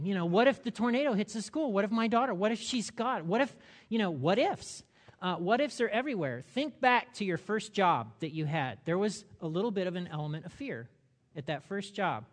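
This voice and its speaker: A male pastor preaching a sermon with animated, humorous storytelling. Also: sits high, in a large hall.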